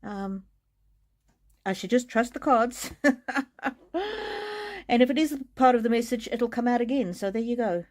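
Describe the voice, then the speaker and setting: A woman giving a live-streamed oracle card reading in a gentle, reassuring way, often restarting her sentences. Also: a little high, moderate pace. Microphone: streaming mic.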